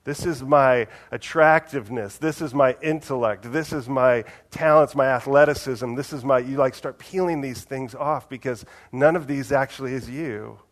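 A man giving a conversational sermon, casual and animated, with big swings in loudness and a soft, low voice when he quotes someone. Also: moderate pace, few pauses. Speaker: preacher.

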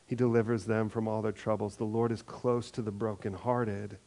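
A male pastor giving a conversational sermon, reading scripture and acting out little prayers and replies with animated asides. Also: lowish voice, normal speed.

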